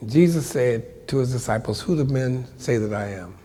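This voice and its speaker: An older man telling a story from his life to a live audience, animated and colloquial, acting out the voices of the people in it. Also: mid-range voice, normal speed, in a large hall, a little hiss or hum. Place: lecture hall before an audience.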